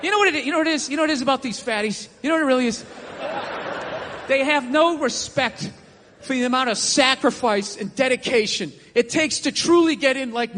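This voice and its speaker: A man rants through a stand-up set in a very high, bright, forceful voice, sarcastic and profane, often breaking into shouts. His handheld mic picks him up on a theater stage with a long hall reverb and faint ambience behind him. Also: a little hiss or hum. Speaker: stand-up comedian. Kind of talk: stand-up comedy rant. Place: theater stage before a live audience.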